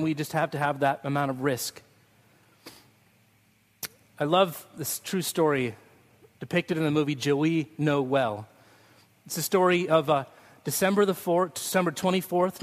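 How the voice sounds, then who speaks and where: A man's voice: a little high, moderate pace. A man preaching a Christmas Eve sermon as pastor, telling stories and leading prayer. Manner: storytelling with sung snippets, ending in prayer. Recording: long hall reverb.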